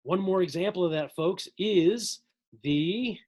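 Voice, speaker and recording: A man's voice: sits high, takes it slowly, darkish tone. A man teaching a psychology lesson in a casual, jokey recorded lecture, addressing his viewers as folks.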